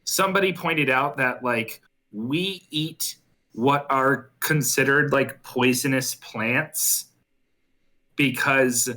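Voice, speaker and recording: A man giving slow, hesitant feedback in a casual writers' chat, wandering off on tangents. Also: medium pitch, pushed and bright. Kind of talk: casual group chat about writing.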